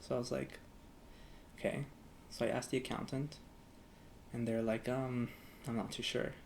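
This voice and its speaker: A man's voice: medium pitch, level tone, normal speed, gravelly, a little hiss or hum. A young man talking casually to camera as a vlogger, rambling with lots of "like" fillers and acting out both sides of past conversations. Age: young adult. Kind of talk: casual storytelling vlog.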